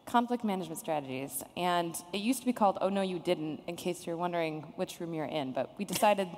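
A woman's voice: fairly low pitch, a little fast, darkish tone. Chatty woman moderating a panel, echoey hall. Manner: chatty, sarcastic, laughs often. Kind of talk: conference panel talk. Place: conference room with audience.

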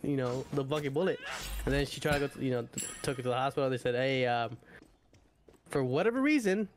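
A man's voice: medium pitch, lively intonation, fast talker, slight background noise. Rambling, profane young man telling a story. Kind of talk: casual chat over voice call while gaming.

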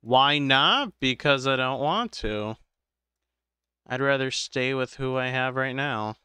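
A man live-streaming a game, chatting casually with viewers in a slow, drowsy, rambling way because he is tired. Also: mid-range voice, pushed and bright, clean tone, no room sound. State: tired, medicated.

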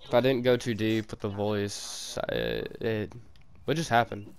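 A man's voice: lowish voice, steady tone. A young man with a sore throat chatting casually while playing in VR, laughing at himself and swearing freely. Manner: laughing, self-mocking, quick to swear. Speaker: gamer. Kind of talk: casual VR game chat. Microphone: VR headset.

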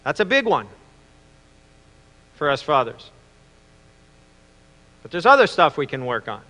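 A man preaching a Father's Day sermon, telling stories with reflective pauses. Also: on the high side, sing-song, pushed and bright. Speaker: pastor. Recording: long reverb in a large hall.

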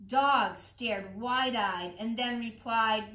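A woman librarian reads rhyming picture books aloud to children with an expressive, rhythmic lilt. Her voice is high and her pace unhurried, and the library room gives a noticeable echo. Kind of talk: storytime read-aloud. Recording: echoey room.

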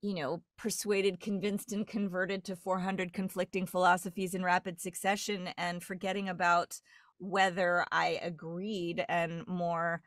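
Chatty woman, lowish voice, dry sound. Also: flat delivery, a little slow, no echo. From New York. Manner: rambling, many fillers and restarts. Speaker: guest, dialect coach. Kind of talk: casual podcast conversation.

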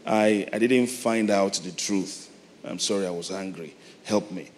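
A middle-aged Nigerian man preaching a sermon, moving from soft, reflective storytelling to loud, emphatic calls. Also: deep voice, a little slow. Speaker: pastor. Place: large church hall. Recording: long hall reverb, faint noise.

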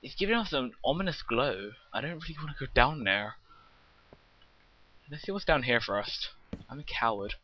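A man's voice: medium pitch, lively intonation, moderate pace, pauses often. A British man giving casual, rambling commentary on his game, chatting to viewers and joking at his own expense. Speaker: let's play gamer. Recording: slightly muffled with faint hiss.

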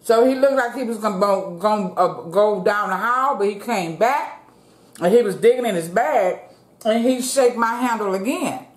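A woman hosting a casual eating show from her home, chatting to viewers in a relaxed way and calling them "y'all". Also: medium pitch, moderate pace. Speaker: mukbang vlogger. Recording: roomy echo.

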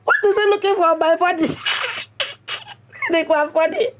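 A woman's voice: very high-pitched, steady tone, moderate pace, very noisy. An actress playing a teasing middle-aged Nigerian village mother who mocks her daughter with laughter. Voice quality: laughing, mocking. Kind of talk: Nollywood film acting.

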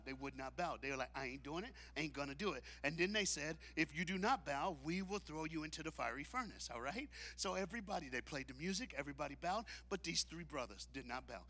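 Man, preacher, high pitched, piercing bright tone, call-and-response sermon. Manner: dramatic, swings from shouting to hushed. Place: church auditorium.

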